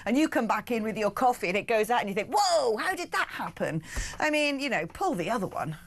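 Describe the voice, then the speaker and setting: A woman's voice: a little high, expressive, fast talker. A woman from the West Country hosting a talk radio show, chatty and sarcastic. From West Country of England. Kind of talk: opinionated talk radio chat.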